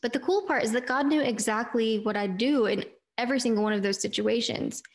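A woman's voice: a little high, fairly quick. A woman in her thirties hosting a faith podcast, telling personal stories in an earnest, chatty way and talking straight to her listeners. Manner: earnest, chatty, addresses listeners as "you guys". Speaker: podcast host.

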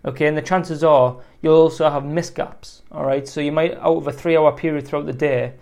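A man with a slightly higher-than-usual voice, chatting casually as a small business owner sharing advice. He rambles through his story with plenty of asides and a loose, conversational flow. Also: steady tone, brisk, vocal fry, darkish tone. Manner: chatty, rambling, frequent "you know" asides. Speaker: lawn care business owner.

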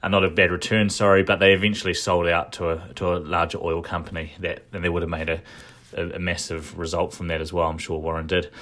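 Man, very low voice, casual commentary, thinking aloud, self-correcting. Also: flat delivery, fast talker, fairly bright tone. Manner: thinking aloud, frequent restarts and asides. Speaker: commentator recapping a shareholder meeting.

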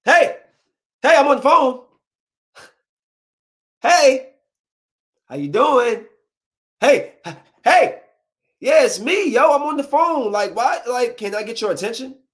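A man voicing a loud, immature young woman chattering on the phone. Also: extremely high pitch, lively intonation, slow pace, pauses often, pitched above the performer's own voice, heavily acted. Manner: loud, attention-seeking.

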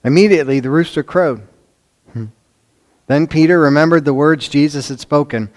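A man with a Chicago accent preaching a sermon, swinging from loud emphasis to hushed lines, with conversational asides and rhetorical questions. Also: on the high side, moderate pace. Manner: dramatic swings between loud emphasis and hushed near-whispers. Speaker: pastor.

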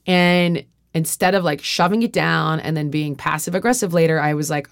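A woman's voice: low-pitched, steady tone, a little fast, hardly any pauses, no room sound, clean studio sound. Frank, swearing middle-aged woman host. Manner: frank, confessional, heavy use of "like", swears freely. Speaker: podcast host. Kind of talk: candid personal conversation.

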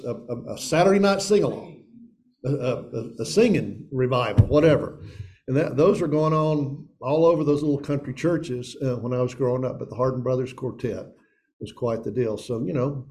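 A man's voice: mid-range voice, warm tone. A man, a pastor opening his sermon in a folksy, conversational way. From Upper East Tennessee. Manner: folksy and conversational, addresses listeners as guys and dude.

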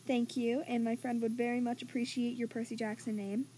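A woman's voice: a little high, little pitch movement, a little fast, mellow. A young woman hosting a podcast, casually reading out listener comments and answering them in a chatty, self-deprecating way, sometimes dropping into a whisper. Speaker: podcast host. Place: home room with vacuum running nearby. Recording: faint household background noise. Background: faint vacuum noise.

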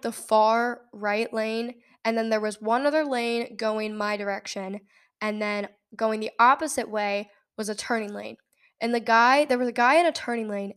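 A young woman with a fairly high voice tells a story on her podcast. She talks casually, laughs often and jumps up in pitch to act out what people said. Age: young adult. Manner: animated, laughs often, acts out quotes in a high voice. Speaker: podcast host.

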